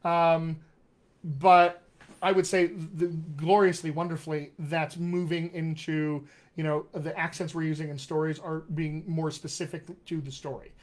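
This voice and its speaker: A man with a fairly high speaking voice runs a live question-and-answer stream as a dialect coach. He reads out questions from viewers and answers each one in an upbeat, encouraging way, addressing his audience directly. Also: little pitch movement, a little slow.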